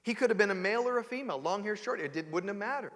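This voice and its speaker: A man giving an animated sermon as a spiritual teacher, joking and asking rhetorical questions. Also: high-pitched, racing, long reverb tail. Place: church sanctuary.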